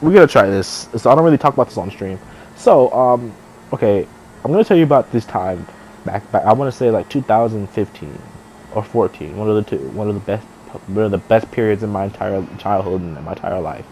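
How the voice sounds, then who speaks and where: A man's voice: on the low side, expressive, a little fast, a little mellow, slight background noise. A young man, a gaming streamer, casually telling a story to camera, rambling, restarting his sentences and swearing offhandedly.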